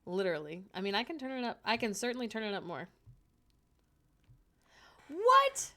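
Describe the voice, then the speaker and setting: A woman's voice: fairly high pitch, huge pitch swings, moderate pace, pushed and bright. A young woman chatting casually on a livestream from home, joking and laughing often at herself. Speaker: streamer. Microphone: desk microphone.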